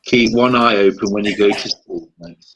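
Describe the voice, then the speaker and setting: A man's voice: lowish voice, fairly even intonation, moderate pace, fairly bright tone, low-quality recording. A man chatting casually as co-host, playful and mock-offended in the banter. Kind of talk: casual chat.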